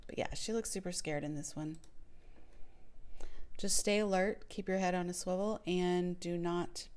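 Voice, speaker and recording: A woman in her fifties hosting a reaction video, greeting viewers and giving calm advice. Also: fairly low pitch, unhurried, smooth. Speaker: channel host reacting to clips. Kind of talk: casual reaction commentary.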